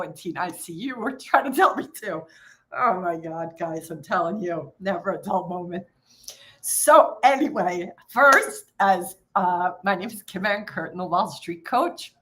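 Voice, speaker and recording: A woman who coaches traders chats with her viewers on a live stream, telling a story, laughing often and swearing casually. Her voice is medium in pitch and a bit bright, picked up by a streaming microphone.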